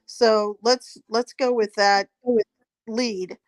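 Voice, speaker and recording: A woman with a slightly high voice recounts an anecdote as an interview guest, chatty and animated. She acts out the other people's lines as she goes. Her story is broken up by frequent throat clearing. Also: very slow. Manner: lively retelling, acting out quoted dialogue. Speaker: psychic guest.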